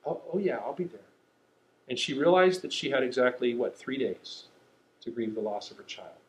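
A man preaching a sermon in a conversational way, often checking in with "okay?". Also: mid-range voice. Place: church sanctuary. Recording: echoey room.

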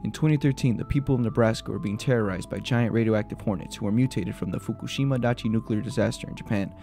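Low and marked by vocal fry, this host's voice carries a fast-paced video of urban legends. Eerie retellings alternate with joking asides, all over quiet background music.

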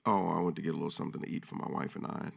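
A man's voice: sits low, fairly even intonation, racing, creaky. A man from the United States following up in a church service, talking enthusiastically and laughing as he tells a story. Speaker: pastor. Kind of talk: sermon follow-up.

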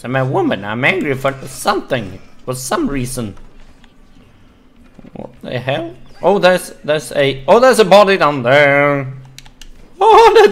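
A man hosting a gaming video, excitably commentating his play with frequent swearing and exclamations. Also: fairly high pitch. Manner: excitable, swearing, exclaiming and laughing while playing. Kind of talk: casual let's-play commentary.

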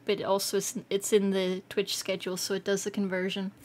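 A Scottish woman streaming live, chatting casually with viewers, excitable and quick to laugh. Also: mid-range voice. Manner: excitable and giggly, laughs often. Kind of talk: casual livestream chat.

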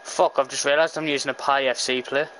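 A man with a Liverpool accent in casual gaming chat, his pitch in the middle range for a man. He swears constantly and talks bluntly, with faint noise behind him. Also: little pitch movement, brisk, fairly bright tone, low-quality recording.

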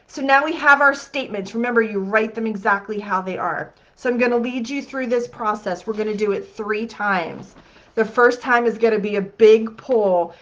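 A woman's voice: medium pitch, fairly bright tone, lo-fi sound. Upbeat woman leading a group healing exercise. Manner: upbeat and chatty, often checking in with "okay?". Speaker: host of a healing masterclass.

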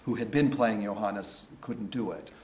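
A man from California with an American accent, recounting his path into stage acting in an unhurried, reflective way, often restarting and trailing off. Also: fairly low pitch, a little mellow. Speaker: stage actor being interviewed. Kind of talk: reflective storytelling interview. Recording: roomy echo, faint background noise.

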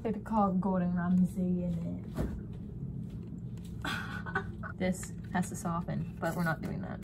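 A woman's voice: fairly low pitch, fairly even intonation, unhurried, gravelly, long pauses. A young woman vlogging in a chatty, rambling way with jokey asides. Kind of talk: casual vlog chat. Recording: noisy handheld home recording.

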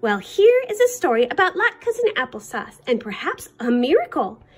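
A woman librarian reading a children's picture book aloud in an expressive, sing-song way. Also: high-pitched, normal speed, soft background music. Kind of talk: storybook read-aloud.

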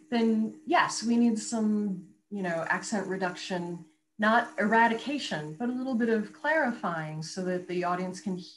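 A woman voice coach in a conversational interview, talking in an articulate, animated and explanatory way. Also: mid-range voice, a little hiss or hum, poor audio. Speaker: voice coach and radio guest.

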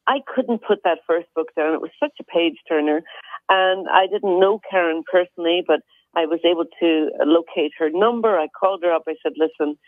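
Casting: gentle, earnest female guest calling in over a dry, tinny phone line. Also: on the low side, fairly quick, no room sound. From Ireland. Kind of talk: phone interview.

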